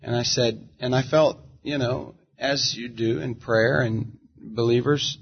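A man's voice: mid-range voice, steady tone, creaky, slightly rough. A middle-aged man, a gospel singer as interview guest, telling stories in an easygoing, reflective way. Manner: easygoing, reflective, drawn-out storyteller. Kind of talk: relaxed conversational storytelling. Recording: dull, muffled audio.

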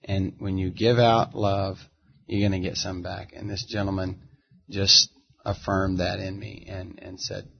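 A middle-aged man with a lowish voice tells stories in a relaxed, reflective interview. He takes his time and drifts between thoughts. The audio sounds dull and muffled. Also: vocal fry, slightly rough. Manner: easygoing, reflective, drawn-out storyteller. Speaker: interview guest, gospel singer. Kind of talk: relaxed conversational storytelling.

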